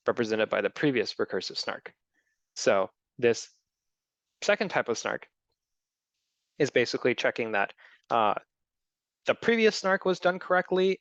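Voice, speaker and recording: A man's voice: medium pitch, creaky, fairly bright tone, dry recording, dull audio. A man giving a technical talk, explaining step by step with frequent ums and restarts. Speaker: presenter. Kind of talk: technical talk with audience questions.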